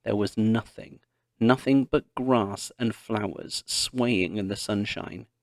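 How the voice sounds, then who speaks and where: A man narrating a children's historical story in a deliberate read-along style. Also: on the low side, dry recording, clean studio sound. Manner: slow, deliberate reading.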